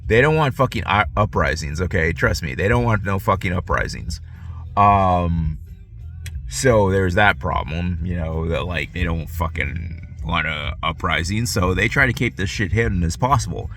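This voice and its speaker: A man's voice: low voice, animated, normal speed, a bit bright. A man ranting casually to camera, profane and rambling, often restarting his sentences. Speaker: vlogger.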